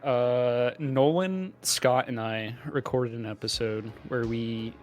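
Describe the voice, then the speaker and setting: A man's voice: medium pitch, steady tone, takes it slowly, no echo, faint music behind. A man co-hosting a casual podcast, joking and rambling as he laughs often. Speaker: podcast co-host.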